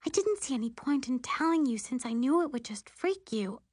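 Narrator putting on a high, hushed teen girl, apologetic, half-whispered, close dry mic. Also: animated, moderate pace, no echo. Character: anxious earnest teenage schoolgirl whispering apologies.

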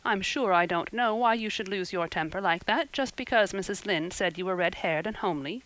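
A woman's voice: medium pitch, a little fast, a bit bright, lightly acted, rough recording. A woman reading an audiobook, voicing a stern, dry-witted middle-aged guardian woman who speaks in a dry, reproving way.

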